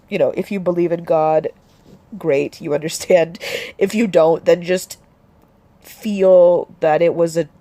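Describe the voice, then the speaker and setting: A young woman talking about her grief in a personal vlog, halting, with many restarts and fillers. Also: on the low side, mellow. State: grieving, voice dropping soft. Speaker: vlogger.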